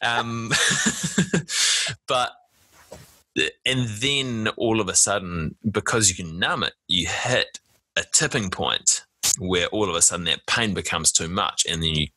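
Man, very deep pitch, very bright sharp tone, relaxed podcast host, dry sound. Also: slow pace, long pauses, dry recording. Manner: relaxed, laughs easily, swears casually. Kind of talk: casual conversation.

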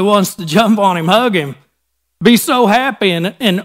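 A man's voice: high-pitched, unhurried, a bit bright. A man with a Midwestern American accent preaching a sermon, conversational and acting out Bible scenes in casual voices. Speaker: pastor.

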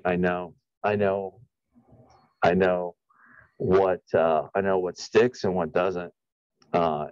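Low-voiced man ranting with heavy swearing. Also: a little mellow, dry recording, lo-fi sound. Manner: rambling, swearing, many restarts and repeated phrases; sarcastic, scornful. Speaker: YouTube commentator. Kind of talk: profane off-the-cuff rant.

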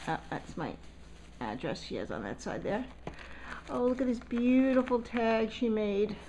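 A woman's voice: fairly high pitch, unhurried, creaky, a little hiss or hum, poor audio. A woman unboxing a swap package at home on a casual vlog, gushing and gasping with delight over each item. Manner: gushing, excitable, gasping often. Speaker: vlogger. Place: home, at a table.

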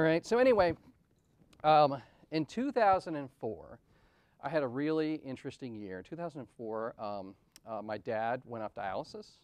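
At an event venue, a candid, self-deprecating conference speaker in his forties tells stories conversationally, frequently slipping in "right?" asides. His voice is mid-range, creaky, and darkish in tone.

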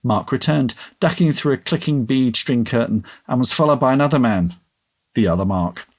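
A man, a podcast co-host, reading a story aloud in a measured, even audiobook style. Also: mid-range voice.

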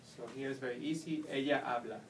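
A man teaches Spanish verb endings at a whiteboard, walking through each step patiently. He sounds set back from the camera mic, with a faint hum of room noise behind him. His pitch sits in an ordinary middle range. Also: fast, distant mic, low-quality recording. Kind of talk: whiteboard language lesson.

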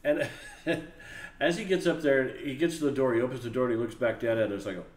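A man's voice: mid-range voice, fairly quick, roomy sound. Storytelling man. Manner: animated, acts out voices and laughs while telling. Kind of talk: casual storytelling.

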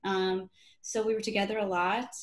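A woman's voice: mid-range voice, flat delivery, moderate pace, poor audio. A woman in her thirties from Chicago, an actress talking casually in an interview, with lots of "you know" and "um". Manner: chatty, many fillers like "you know" and "um". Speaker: actress guest.

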